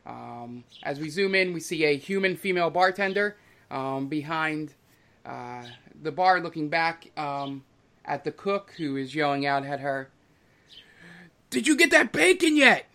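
Male game master, fairly high voice, hesitant narration full of fillers. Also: unhurried, fairly bright tone, clear, resonant tone.

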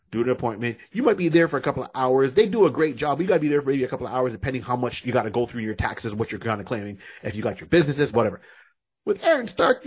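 A man co-hosting a podcast, telling stories in an animated, joking way with frequent restarts. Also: medium pitch, breathy edge. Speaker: podcast co-host. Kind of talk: casual podcast chat.

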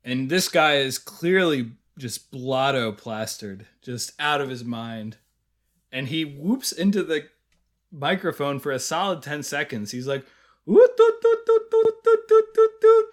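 A man with a mid-range voice and a fairly bright tone co-hosts a podcast at a moderate pace. The review chat is casual, and he retells scenes with frequent laughter.

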